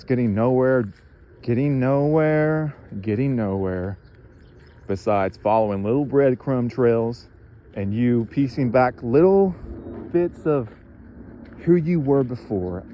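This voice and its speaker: A man's voice: medium pitch, dull audio, slight background noise. A man delivering an impassioned monologue rant, angry and profane, firing off rhetorical questions.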